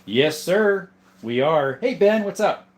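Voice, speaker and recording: A man in his thirties from southern Arizona hosts a casual livestream, reading comments, greeting viewers by name and showing off his gun collection. His voice is high-pitched with lively intonation, and he speaks slowly.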